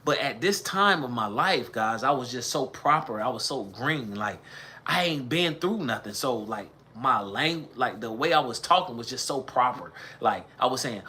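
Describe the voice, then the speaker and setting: A man's voice: mid-range voice, animated, moderate pace, bright, forceful tone, slight background noise. A man in his thirties from the American South with a light Southern accent, casually telling his story to a livestream chat in a rambling, conversational way. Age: 30s. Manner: rambling, conversational, with chanted bits of old raps.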